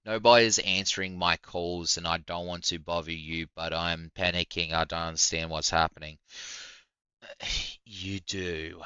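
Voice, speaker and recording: A man's voice: deep voice, bright, forceful tone, clean tone, no echo, dull audio. A young man reacting to a video in casual commentary, swearing often and breaking into indignant outbursts. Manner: profane, heated, indignant outbursts.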